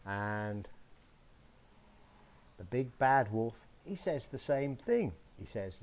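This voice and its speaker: A man reads a picture book aloud to young children, stopping to point out the pictures. He speaks slowly, with a lively, sing-song pitch, and adds playful sound effects. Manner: animated, slow and expressive with sound effects. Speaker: storyteller.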